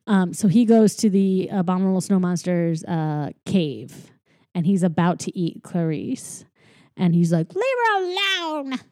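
A woman with a dark, mellow tone rambles through a casual recap. She is sarcastic and loose, full of fillers, and recorded dry and close. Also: on the low side, no echo. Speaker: podcast co-host. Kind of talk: casual chat recapping a movie.

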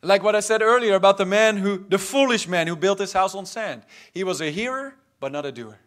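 A man preaching a charismatic sermon in a church hall, his voice sitting unusually high. He swings from loud, fervent exhortation to quiet asides, and his tone rings bright and forceful through a stage mic. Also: fairly quick. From South Africa. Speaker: pastor.

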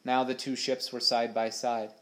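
A man reading a children's adventure novel aloud with steady, expressive storytelling. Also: mid-range voice, moderate pace. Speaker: audiobook narrator. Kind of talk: storybook narration.

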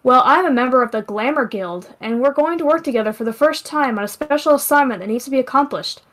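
A woman's voice: sits high, expressive, fast, a bit bright. A woman reading the lines of a haughty, sarcastic black female cat in a story. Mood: explaining. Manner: dry, cutting put-downs.

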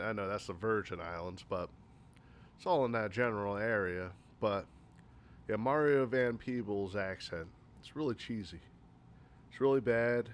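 A man's voice: lowish voice, slight background noise. A man reviewing movies in a casual list format, rambling and exasperated, with lots of filler words.

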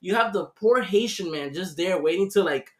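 A man's voice: sits high, moderate pace. Male podcast host, casual storyteller, swears constantly, acts out the other people in his stories. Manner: profane, animated storytelling with acted-out voices.

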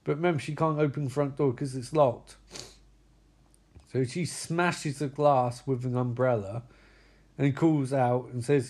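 A man with a high voice tells the plot of a horror film in a loose, casual way. He is excitable and profane, breaking into exclamations as the action builds. The recap feels like chatting with a friend. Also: moderate pace.

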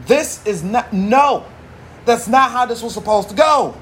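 Profane, rambling man with a high voice. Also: animated, a little slow, a bit bright, a little hiss or hum. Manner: profane, rambling, slang-heavy. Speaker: podcast host. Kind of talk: casual monologue.

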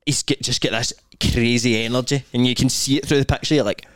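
A man's voice: medium pitch, fairly even intonation, quick pace, smooth, dry recording. Swearing Scottish young man, dry close mic. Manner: swearing, jokey, mimics voices in anecdotes. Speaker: podcast co-host. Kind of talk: casual chat.

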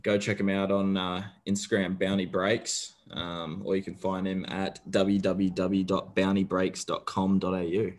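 Laid-back man, very low voice. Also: monotone, a little slow, hardly any pauses. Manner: laid-back, brief replies. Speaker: podcast co-host. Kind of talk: casual podcast chat.

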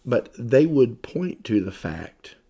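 Man, Bible teacher, tired, mellow warm tone, emphatic scripture reading, casual asides. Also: mid-range voice, big pitch swings, slow pace. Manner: reads scripture aloud in a rising, emphatic voice, talks loosely with fillers in between. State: tired, yawning. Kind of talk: sermon-style Bible lesson.

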